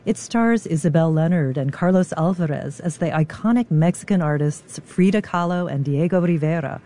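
A radio interviewer giving scripted introductions and asking measured questions. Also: mid-range voice, mellow.

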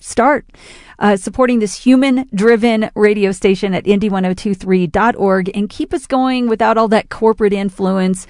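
A woman's voice: medium pitch, normal speed, darkish tone, no room sound, clean studio sound. A woman radio DJ making an informal, earnest on-air appeal for donations.

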